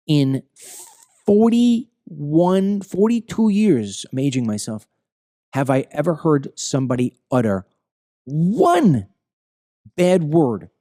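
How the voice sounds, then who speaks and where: A man's voice: mid-range voice, dark tone, no room sound, studio quality. A man in his fifties with a Long Island accent, hosting an opinion monologue in an emphatic, ranting way that keeps repeating phrases. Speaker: commentary show host.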